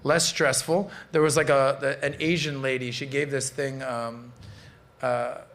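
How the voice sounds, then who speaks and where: A man in his late thirties hosting a podcast, telling stories in a loose, animated way with swearing. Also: mid-range voice, unhurried. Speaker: podcast host. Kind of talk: casual panel chat.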